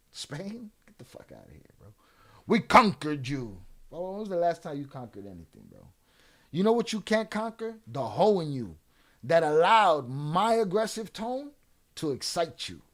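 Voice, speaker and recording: Man, livestream host, trash-talking, streetwise slang, slightly high voice. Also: wildly swooping pitch, normal speed, darkish tone. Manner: taunting, trash-talking chat trolls. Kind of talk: live-stream chat with viewers.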